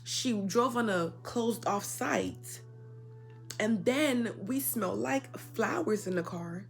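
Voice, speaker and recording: A young woman telling a personal story in a casual, indignant rant, swinging between loud outbursts and quiet asides. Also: medium pitch, animated, slow, gravelly, soft background music. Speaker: storyteller vlogger.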